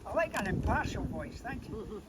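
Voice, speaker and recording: A man's voice: high voice, very animated, moderate pace. A man with a Scottish accent telling a story to a live group outdoors, teasing his listeners with rhetorical questions. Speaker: storyteller guide. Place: outdoors near a monument. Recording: distant mic with loud wind and traffic noise.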